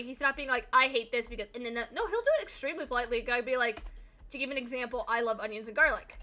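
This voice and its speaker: A young woman streams and chats casually, her voice bright and a little high. She rambles through a story, packing it with fillers and the odd swear word. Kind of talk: casual chat while streaming a game.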